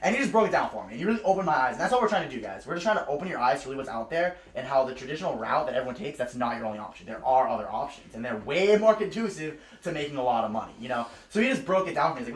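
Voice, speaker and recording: A man's voice: mid-range voice, big pitch swings, racing, hardly any pauses. A young man, telling a slangy, profane recruiting story to a small crowd at a house party. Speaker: recruiting speaker. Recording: echoey room.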